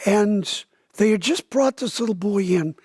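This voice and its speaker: A man's voice: sits high, unhurried, darkish tone, slightly rough, dry recording, studio quality. A pastor in his seventies gives an interview and tells a dramatic story vividly, acting out the voices of the people in it. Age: 70s. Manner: vivid storyteller, acts out quoted dialogue with a raised voice. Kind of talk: interview testimony, telling a story.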